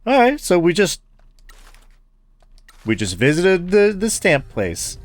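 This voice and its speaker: Voicing all the game dialogue himself, this gaming YouTuber switches voices for each character and laughs and jokes at the story game in his let's play. He speaks slowly in a high voice with huge pitch swings; there's no room sound, just faint music behind.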